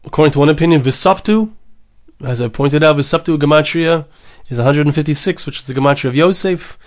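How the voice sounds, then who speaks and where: A man's voice: fairly high pitch, fairly quick. A man giving a Torah lecture, mixing in Hebrew and Aramaic phrases and repeating words for emphasis. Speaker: rabbi teaching Torah.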